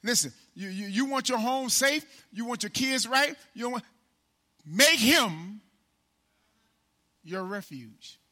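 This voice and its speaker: A pastor delivers a sermon in a high, very bright and ringing man's voice. He talks to the congregation in a folksy, familiar way and keeps checking in with them. He builds to loud, rising calls and then drops to hushed, low asides. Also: lively intonation, moderate pace, hardly any pauses. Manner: preaching with loud call-and-response swells and sudden hushed drops; casual, folksy with repeated "man" and "right?".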